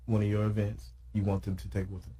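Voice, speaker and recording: A man's voice: lowish voice, monotone, fast talker, mellow, breathy edge. A man from the area hosting a talk show, joking and teasing his guests in casual chat. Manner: joking, teasing, laughs often.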